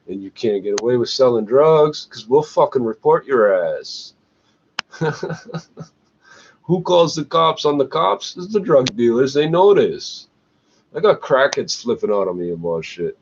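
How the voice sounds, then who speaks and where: A man's voice: mid-range voice, very animated, normal speed. A man ranting angrily and sarcastically, swearing constantly and laughing between complaints. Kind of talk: profane ranting monologue. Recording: muffled lo-fi recording with faint background hiss.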